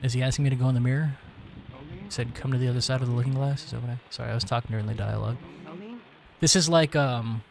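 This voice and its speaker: A young man in his twenties streams a game and chats along loosely in a rambling, slangy way, swearing often and calling his viewers "bro." His voice sits at an ordinary middle pitch. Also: fairly even intonation, quick pace, gravelly, a little hiss or hum. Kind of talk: casual let's-play commentary.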